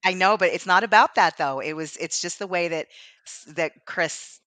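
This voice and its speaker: Bright-voiced, giggly woman co-host. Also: lowish voice, moderate pace, dry recording. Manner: chatty, laughs often while telling stories. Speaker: podcast co-host. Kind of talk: casual chat.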